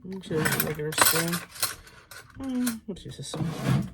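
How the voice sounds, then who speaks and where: A woman's voice: deep voice, expressive, measured pace, gravelly, heavy background noise. A middle-aged woman hosting a casual cooking vlog in her home kitchen, chatty and upbeat as she talks to viewers. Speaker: cooking channel host.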